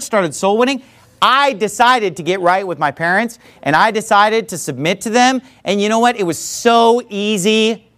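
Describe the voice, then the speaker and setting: Brief: male pastor, conversational sermon delivery, highly expressive pitch. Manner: conversational, animated storytelling with frequent asides.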